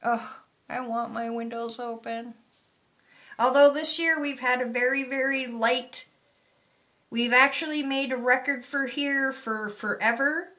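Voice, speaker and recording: On a live stream captured by phone or webcam, a psychic reader with a Yooper accent from Michigan's Upper Peninsula gives chatty, rambling readings. She speaks at a measured pace in a high, sharp voice with fairly even intonation.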